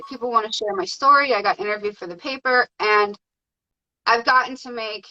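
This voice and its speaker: Woman podcast guest, chatty and excitable, bright high voice, slightly muffled remote audio. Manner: excited, chatty, many fillers. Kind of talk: casual interview storytelling.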